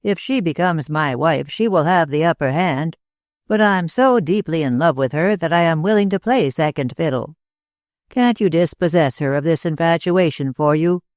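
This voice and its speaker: A persistent, lovesick detective who keeps pressing his case, as a man reads him aloud. His voice sits a little high and sounds close and dry in a storybook reading. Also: normal speed, dry recording, close to an everyday voice. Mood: earnest.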